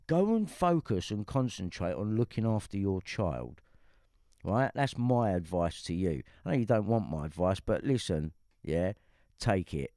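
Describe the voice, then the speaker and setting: A man's voice: low-pitched, sing-song, unhurried, mellow, no room sound, studio quality. A man ranting angrily at an online critic, confrontational and profane, circling back to the same points. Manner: confrontational, profane, repeats himself. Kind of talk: angry online rant.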